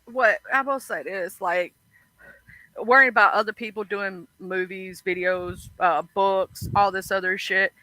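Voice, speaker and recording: Male livestream host, very high bright voice, emphatic and slangy, dry close sound. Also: steady tone, a little slow, no echo, poor audio. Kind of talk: casual livestream chat.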